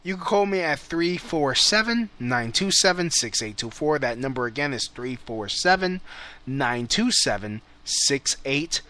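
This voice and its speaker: A man's voice: medium pitch, expressive, a little slow, pushed and bright. A man hosting a call-in show, ranting bluntly in casual, profane talk. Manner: heated, blunt, swears a lot.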